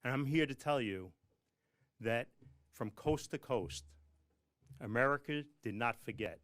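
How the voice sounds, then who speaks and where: A man's voice: medium pitch, measured pace, a bit bright. A man leading a fire officers' union, giving a rousing, rhetorical press conference speech.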